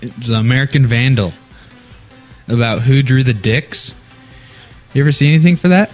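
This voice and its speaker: A young man co-hosting a casual podcast, giggling and joking as he retells shows he has seen. His voice sits at a middling pitch, with faint music behind him. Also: moderate pace. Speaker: podcast co-host. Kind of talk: casual chat.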